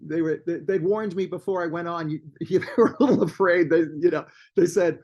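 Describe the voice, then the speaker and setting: Easygoing high-voiced male guest. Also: normal speed, hardly any pauses, a little mellow, lo-fi sound. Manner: easygoing, laughs often. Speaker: podcast guest, music executive. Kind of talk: casual chat.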